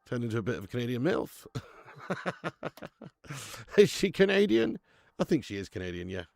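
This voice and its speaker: Male streamer, gravelly and dry-sounding; laddish live chat host who reads out viewers' names. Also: medium pitch, very animated, normal speed, a little mellow, no echo. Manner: chatty and laddish, reading out viewer names, laughs often. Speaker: watch-along host.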